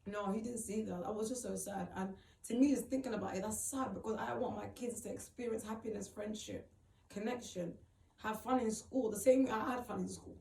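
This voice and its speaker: A woman's voice: mid-range voice, fairly even intonation, fairly quick, gravelly, warm tone. A young woman, telling a personal story to her viewers in a rambling way and acting out both sides of each conversation. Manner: rambling, retells conversations with quoted voices. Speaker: vlogger. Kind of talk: emotional storytelling to camera. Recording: echoey room, far from the mic.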